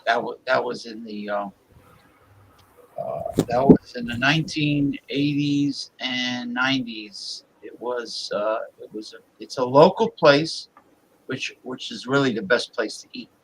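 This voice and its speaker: A man in an easygoing group conversation, wandering through his story with many fillers and restarts. His voice sits at an ordinary middle pitch. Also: measured pace, a little hiss or hum, poor audio. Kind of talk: casual group chat.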